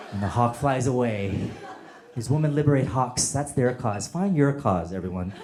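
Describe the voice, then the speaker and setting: A man doing a stand-up comedy set on a club stage, chatting with the crowd and acting out voices. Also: lowish voice. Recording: echoey club with audience noise.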